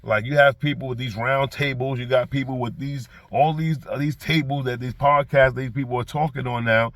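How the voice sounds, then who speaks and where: A reaction vlogger with a New York accent delivers a casual commentary monologue in a mid-range, steady voice at normal speed, recorded dry. He rambles and keeps restarting, getting loud and heated whenever he acts out quotes.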